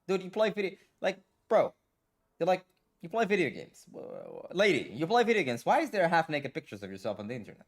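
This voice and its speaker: Brief: male gaming streamer, slightly high voice, casual profane ranting. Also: wildly swooping pitch, fairly quick. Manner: blunt, profane, filler-heavy with "like" and "bro".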